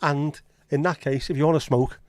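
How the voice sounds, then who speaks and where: A man's voice: a little high, fairly even intonation, normal speed, no room sound, clean studio sound. A man with a Scouse accent hosting a livestream, chatting casually and answering viewers in blunt, sweary banter. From Liverpool, England. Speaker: livestream host. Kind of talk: casual chat reading live comments.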